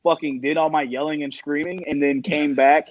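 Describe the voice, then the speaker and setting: A man guesting on a podcast, telling stories in a profane, excitable way. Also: fairly high pitch, moderate pace. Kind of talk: casual podcast chat. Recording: dull lo-fi dry mic.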